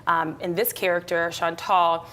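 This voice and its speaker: A woman actress as a talk show guest, telling personal stories in a lively, reflective way. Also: lowish voice, unhurried.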